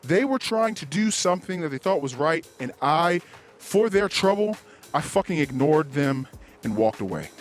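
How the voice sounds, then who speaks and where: A man's voice: fairly high pitch, sing-song, moderate pace, faint music behind. Rambling, self-critical man hosting a podcast. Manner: rambling, self-critical, swears a lot, acts out angry quotes. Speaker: podcast host. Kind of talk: candid solo podcast confession.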